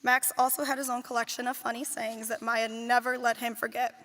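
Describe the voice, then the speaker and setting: A woman who looked after two children reads a memorial speech for them in a large theater hall, where her voice echoes with a long reverb. It's on the high side and fairly bright, delivered flatly and fairly quickly. As a nanny giving a eulogy, she tells their stories in a heartfelt, tender, fond way.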